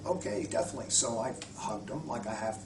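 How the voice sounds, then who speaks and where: A man's voice: medium pitch, expressive, quick pace, gravelly, noisy background. A man, a spiritual healer, earnestly telling stories in an interview, often restarting his sentences. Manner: earnest, heartfelt storytelling with frequent restarts. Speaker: spiritual healer and retreat guide. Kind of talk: interview conversation. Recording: echoey room, far from mic.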